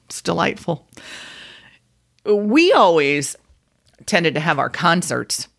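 A woman's voice: lowish voice, very animated, takes it slowly, vocal fry, fairly bright tone. Self-mocking woman podcaster telling stories. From South Florida. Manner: self-deprecating, laughs at her own stories. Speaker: podcast host, former radio personality. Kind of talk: casual storytelling monologue.

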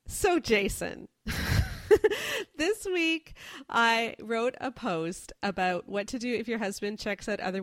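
A woman's voice: medium pitch, fairly bright tone, dry recording. Woman hosting a discussion podcast. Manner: earnest, reads listener comments aloud. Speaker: host.

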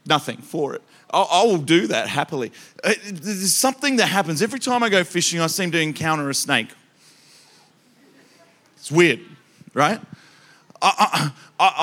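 An Australian man delivering a sermon with a fairly high, forceful voice. He tells funny stories in an animated rush and keeps asking the crowd direct questions. There is a bright, punchy edge to his delivery. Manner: animated, joking, talks straight to the crowd. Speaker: preacher. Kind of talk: sermon with comic storytelling.

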